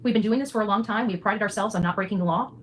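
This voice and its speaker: A woman in her forties, a citizen journalist livestreamer, speaks straight to her viewers in a mid-range voice at rapid-fire speed over a rough recording. She sounds defiant yet reassuring and preachy, often tagging her lines with "okay?"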